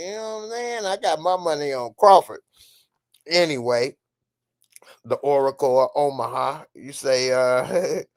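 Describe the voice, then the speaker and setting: A man hosting a live stream, speaking in an emphatic, ranting way and answering viewer comments in casual commentary. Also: on the high side.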